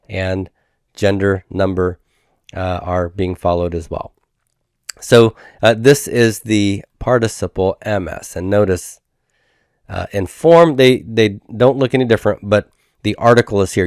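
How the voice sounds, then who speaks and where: A man teaching grammar in a recorded lecture, methodical, repeating each form slowly and checking in with "okay?". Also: lowish voice, clean tone, dry recording, studio quality.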